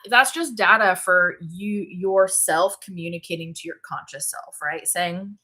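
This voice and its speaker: A woman's voice: on the low side, measured pace, few pauses, sharp tone. A woman hosting a casual livestream, tired and yawning, chatting loosely, laughing often and greeting viewers. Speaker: livestream host. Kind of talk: casual live chat.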